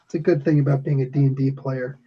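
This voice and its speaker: Speaking quickly with a steady, slightly breathy medium-pitched voice, this man serves as game master for a tabletop session. He describes events loosely and meanders, often starting over. It sounds like lo-fi podcast audio.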